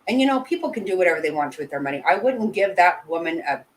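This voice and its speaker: A woman with a low voice gives live commentary to her chat. She talks bluntly and emotionally, swears freely and keeps breaking off and restarting her sentences. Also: very animated, fast talker, slight background noise, rough recording. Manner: blunt and heated, with frequent swearing. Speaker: channel host.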